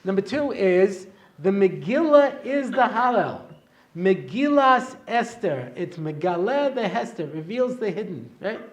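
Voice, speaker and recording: A middle-aged rabbi gives a humorous lecture to a live audience, telling jokes and chuckling at his own punchlines. His voice sits high, swings widely in pitch, and keeps a measured pace.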